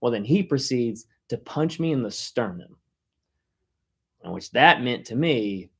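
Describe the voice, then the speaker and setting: A man preaching in a relaxed, conversational way, speaking at an ordinary middle pitch. He tells a story with animated delivery and keeps chuckling. His talk is loose and full of filler words. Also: a little slow, husky. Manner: casual, many "like" fillers. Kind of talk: conversational sermon.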